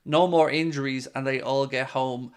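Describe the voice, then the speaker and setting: Irish man, live-stream host, casual chat, opinionated, smooth clear voice, mid pitch. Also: steady tone, normal speed. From Ireland. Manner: chatty, opinionated, answers viewer questions.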